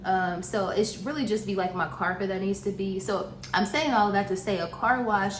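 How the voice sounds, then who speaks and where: A woman's voice: mid-range voice, steady tone, moderate pace. Woman vlogger, chatty and giggly, slightly breathless; echoey room. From Southern US. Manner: chatty and laughing, with many restarts and asides. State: a little out of breath. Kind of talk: casual chat to camera. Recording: echoey room with faint noise.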